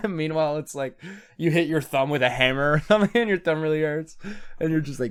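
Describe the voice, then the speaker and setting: A young man commenting on videos in a sarcastic, incredulous tone, breaking into frequent laughter. His voice sits a bit high for a man. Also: brisk, smooth. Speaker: YouTube commentator. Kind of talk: reaction commentary.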